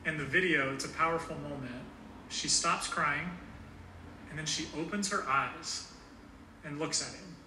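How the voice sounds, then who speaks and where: Bright-voiced man preaching in an echoey church. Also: a little high, measured pace, long pauses, a little hiss or hum. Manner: earnest, conversational preaching with fillers. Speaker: pastor. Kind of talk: sermon. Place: church sanctuary. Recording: echoey room heard from a distance.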